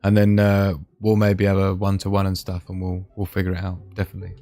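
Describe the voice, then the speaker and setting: A man's voice: deep voice, completely flat delivery, fast talker, mellow, no room sound, faint music behind. A man hosting a casual live stream, chatting and laughing as he reads out memes. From Scotland.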